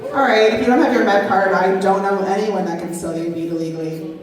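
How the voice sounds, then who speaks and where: A woman's voice: mid-range voice, steady tone, fairly quick, distant mic. A woman doing a stand-up comedy set on a brewery stage, rambling and self-deprecating with many fillers. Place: brewery stage at a live show. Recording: echoey hall, mic heard from afar, loud crowd. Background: audience laughter.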